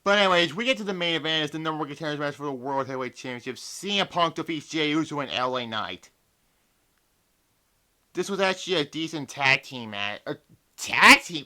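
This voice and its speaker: A man's voice: on the high side, lively intonation, brisk, bright, forceful tone. A young man reviewing a wrestling show in a casual, exasperated rant full of swearing. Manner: profane, exasperated ranting.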